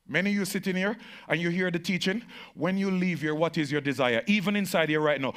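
A pastor preaches a sermon to his congregation, repeating himself emphatically and swinging between shouted peaks and slow, low phrases.

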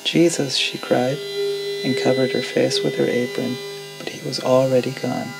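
A man reading classic fiction aloud as a steady, even narrator, with music underneath. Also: mid-range voice, moderate pace, vocal fry, rough recording.

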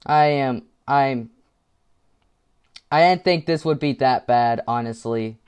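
A man giving gameplay commentary with headphones on, muttering to himself and swinging into frustrated yelling. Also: medium pitch, slow, clear, resonant tone. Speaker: gaming video creator.

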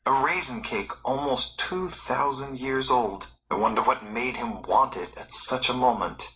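A man's voice: medium pitch, measured pace, sharp tone, poor audio. A man voicing a curious male excavator who thinks aloud and wonders at what he has dug up, in a storybook read-aloud. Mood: musing. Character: curious male excavator musing over ancient ruins.

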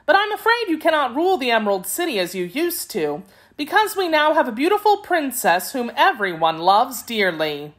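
A pert, pretty young palace maid from a storybook speaks brightly and politely, voiced by a woman reading aloud. Her voice lifts and swings as she talks, eager and sure of herself. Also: high voice, sing-song, moderate pace, hardly any pauses, voice pushed up. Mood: cheerful.

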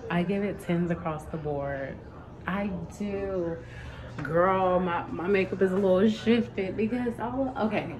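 A woman's voice: on the low side, low-quality recording. A woman vlogger chatting casually and directly to her viewers from home. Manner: chatty, animated, talks straight to viewers. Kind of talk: casual vlog chat. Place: home bathroom, indoors. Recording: music playing behind.

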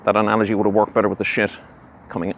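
A man's voice: on the low side, little pitch movement, rapid-fire, a bit bright, slight background noise, pitched below the performer's own voice. A man with a Cork accent playing a smug, arrogant property-owning businessman in a satirical monologue, boastful and theatrical. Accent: Cork, Irish. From Ireland.

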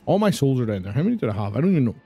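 Swearing, lively British man streaming. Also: mid-range voice, racing, gravelly, breathy edge, soft background music. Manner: swearing, exasperated, ranting at the game. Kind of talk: live gameplay commentary.

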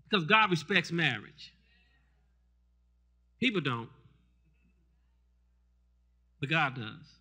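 A man preaching a fervent sermon in church. He keeps asking the congregation to respond and builds up to shouts. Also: on the high side, very animated, a little slow, pauses often, slightly rough. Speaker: pastor. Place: church service.

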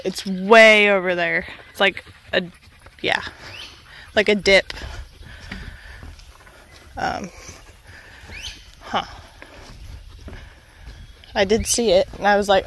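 A woman's voice: medium pitch, steady tone, slow, creaky, long pauses, fairly bright tone, slight background noise. Chatty woman vlogging on a walk. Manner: chatty, rambling, talks to her dog. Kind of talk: casual walking vlog. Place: outdoor trail.

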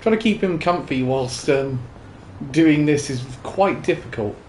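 A man making relaxed, wry comments while playing a video game. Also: on the high side, a little slow, roomy sound, slight background noise. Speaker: gamer co-host. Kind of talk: casual let's-play commentary.

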